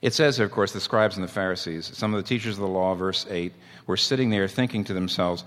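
A man preaching a sermon as pastor, earnest and animated, acting out little stories as he goes. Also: sits low, fairly quick, long reverb tail.

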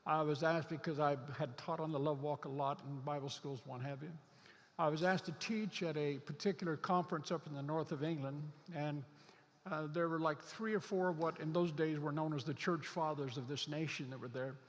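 Male pastor, slightly high voice, earnest sermon delivery with drawn-out emphasis; long hall reverb. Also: fairly even intonation. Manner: earnest, stretches out key scripture words for emphasis.

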